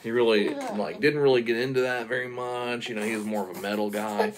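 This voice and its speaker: A man's voice: medium pitch, fairly even intonation, brisk. A man improvising a silly, rambling story for a baby, chuckling as he goes.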